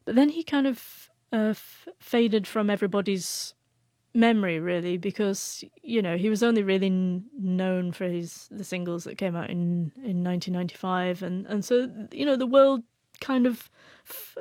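A woman's voice: lowish voice, a little mellow, no echo. Brief: stuttering woman, young adult, author guest, dry close mic, sincere storytelling. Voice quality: stutters, repeats sounds. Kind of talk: emotional personal storytelling.

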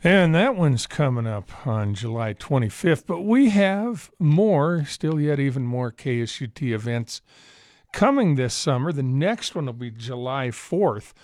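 Male radio DJ, mid-pitched, casual and rambling, close dry studio mic. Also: very animated, unhurried, a little mellow, dry recording. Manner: chatty, rambling with fillers. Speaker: radio host.

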